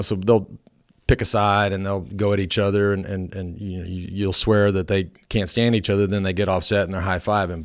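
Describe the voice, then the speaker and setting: A male podcast host in his forties, chatting casually and telling stories with lots of stammered restarts and self-mocking jokes. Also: deep voice. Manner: animated, self-mocking storyteller with many restarts. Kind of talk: casual chat.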